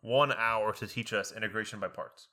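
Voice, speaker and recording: A man's voice: lowish voice, moderate pace. A young adult man telling a story in casual podcast chat, acting out the people he quotes. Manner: animated, acts out the people he quotes. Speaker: podcast co-host.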